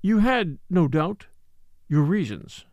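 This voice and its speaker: A man's voice: high-pitched, big pitch swings, slow, darkish tone, dry recording, highs cut off, full character voice. A man reading the part of a formal, severe middle-aged French magistrate. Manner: formal, polite but severe. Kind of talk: audiobook character reading.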